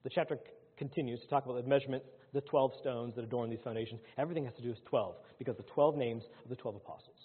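A man preaching a sermon to his congregation, swinging between loud, rising lines and hushed ones. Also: medium pitch, fairly even intonation, rapid-fire, hardly any pauses, breathy edge. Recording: phone-like sound in a large hall.

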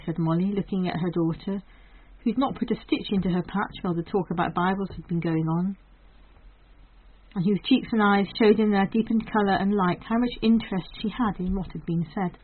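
Brief: female audiobook reader, measured storytelling, tinny phone-like audio. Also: mid-range voice, slightly rough. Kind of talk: storybook narration. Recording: thin phone-like sound.

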